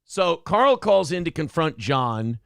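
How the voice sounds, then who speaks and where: Gravelly, blunt male talk-show host. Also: on the high side, sing-song, slow, a bit bright, no room sound, studio quality. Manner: blunt, ranting, mocks others with put-on voices. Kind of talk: casual profane commentary.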